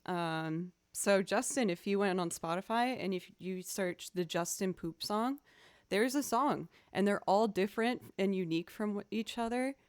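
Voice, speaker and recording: Goofy woman streamer chatting with chat, takes her time, faint music in back. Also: medium pitch. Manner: playful and goofy, chatting to viewers. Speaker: streamer and violinist. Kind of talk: casual live-stream chat.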